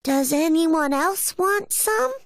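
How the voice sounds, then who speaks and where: A woman voicing an eager, proud little boy bear cub in a high, childlike cartoon voice. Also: animated, slow pace, no room sound, studio quality, full character voice. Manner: high, childlike and wide-eyed. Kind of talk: cartoon character voice.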